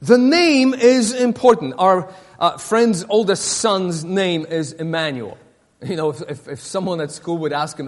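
High-voiced man preaching in a reverberant hall. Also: animated. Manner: halting, repeats words, many fillers. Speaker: pastor. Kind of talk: sermon.

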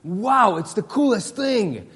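Pastor guy, high voice, stumbles and repeats himself a lot, church sermon w/ long echo. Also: big pitch swings, fairly bright tone, husky. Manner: halting, repeats words, many fillers. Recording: long reverb of a hall.

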